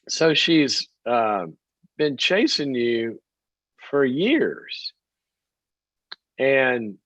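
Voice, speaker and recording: Animated middle-aged man, advice show host. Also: mid-range voice, no echo. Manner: animated storytelling, acts out quoted voices. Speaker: talk show host and psychologist. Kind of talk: call-in advice show talk. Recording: dull dry close mic.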